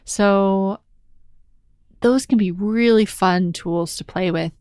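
Woman, mindfulness talk, gentle and reflective, slow drawn-out emphasis, dry close sound. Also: medium pitch, clean tone, no echo. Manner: gentle, reflective, slow and drawn-out on key words, frequent "right?".

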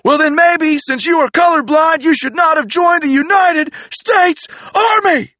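A man's voice: extremely high pitch, measured pace, sharp tone, no room sound, voice pushed up, full character voice. A man voicing a furious macho male drill sergeant who barks every line in a wrestler-style delivery. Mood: yelling. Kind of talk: audiobook character voice.

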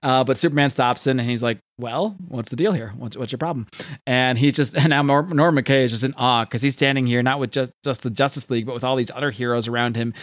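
A man's voice: mid-range voice, steady tone, fast, hardly any pauses, fairly bright tone, no echo, clean studio sound. A man casually recapping a story, rambling with many fillers and restarts, often laughing.

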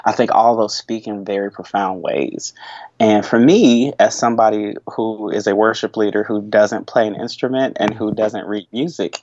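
A man who is a worship leader speaking in an interview, thoughtful and halting, with frequent restarts and soft laughs. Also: on the low side, dull audio. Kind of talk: reflective interview conversation.

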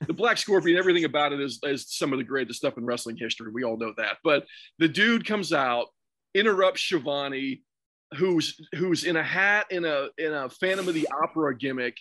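A man's voice: on the high side, expressive, brisk, pushed and bright, no echo. A man on a podcast, chatting casually and laughing as he recounts old wrestling shows. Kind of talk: casual chat.

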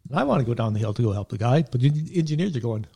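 A middle-aged man with a low, gravelly and husky voice, dark in tone. He tells long work stories in a loose, laid-back way, drifting into asides and chuckling as he goes. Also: lively intonation, racing. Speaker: guest, veteran paramedic and army medic. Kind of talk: casual storytelling.

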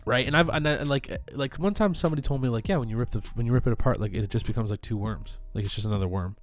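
A man's voice: medium pitch, rapid-fire, faint music behind. A man co-hosting a podcast in casual chat, tossing in short joking remarks with some swearing. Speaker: podcast co-host.

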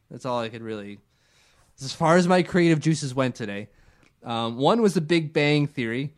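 A young man co-hosting a casual sports chat, joking and acting out silly voices as he talks. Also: mid-range voice. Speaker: podcast co-host.

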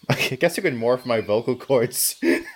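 A man's voice: mid-range voice, animated, slow pace, a little hiss or hum. A man playing a tabletop game, joking and apologetic. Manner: giggly, apologetic. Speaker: player. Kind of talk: casual tabletop play.

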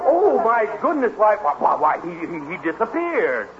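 A man's voice: sits high, lively intonation, measured pace. A man voicing a fussy, flustered poet character who exclaims and stammers when mixed up. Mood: frantic. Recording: dull lo-fi old cartoon audio with heavy hiss.

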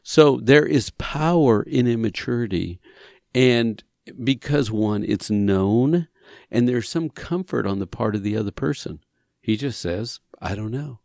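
A man's voice: mid-range voice, unhurried, creaky, no room sound, clean studio sound. A man who leads men's retreats, explaining ideas conversationally, acting out little dialogues and hammering points with repetition. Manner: animated, acts out dialogue, rising emphasis, repeats phrases. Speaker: counselor leading men's retreats. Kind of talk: conversational teaching on a talk show.

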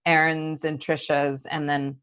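Brief: low-voiced woman, easygoing guest on a chatty podcast, quick to laugh. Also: flat delivery, clear, resonant tone. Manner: warm, laughing, gushing with praise. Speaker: guest actor. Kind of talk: casual podcast interview.

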